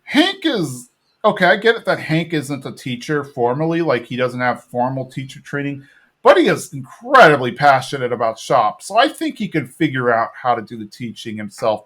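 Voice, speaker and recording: A man's voice: mid-range voice, big pitch swings, moderate pace, a bit bright. A man hosting a podcast, casually recapping a cartoon episode and acting out its characters. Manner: retells scenes, acting out characters. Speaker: podcast host.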